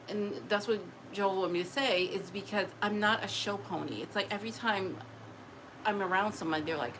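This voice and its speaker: A woman's voice: medium pitch, moderate pace. Chatty tired woman with faint hiss. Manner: chatty, animated, laughs often, acts out other people. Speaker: spiritual messenger. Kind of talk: casual talk to camera.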